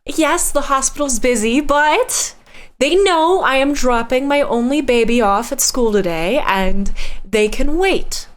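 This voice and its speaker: A woman voicing a caring high-elf doctor mother who speaks formally and gently. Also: measured pace. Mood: tender, proper. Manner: formal, gentle, a little stiff.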